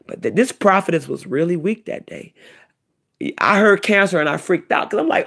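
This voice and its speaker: A middle-aged woman tells a personal story with deep feeling, her voice gravelly and a little husky. Her pitch swings up and down a great deal as she repeats herself for emphasis. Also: normal speed. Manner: animated, repetitive storytelling. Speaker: vlogger, self-described prophetess. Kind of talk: emotional personal testimony.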